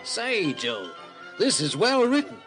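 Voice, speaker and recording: A folksy small-town editor. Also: male voice, high-pitched, wildly swooping pitch, slow pace, over music, heavily acted. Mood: genial. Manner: folksy, drawling, good-humored. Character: genial small-town male newspaper editor. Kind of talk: radio drama acting.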